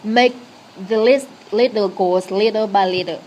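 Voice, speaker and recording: A woman whose first language is Vietnamese, teaching an English lesson in a slow, repetitive, encouraging way. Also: medium pitch, dark tone, dull audio, a little hiss or hum.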